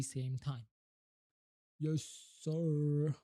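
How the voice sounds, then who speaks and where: Man streaming slow, very mellow voice, dry sound, nervous learner who repeats phrases. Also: medium pitch, steady tone, dry recording, poor audio. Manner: hesitant, repeats words over and over. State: nervous, shaky. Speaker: livestreamer learning English. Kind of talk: casual live-stream chat. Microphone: own streaming mic.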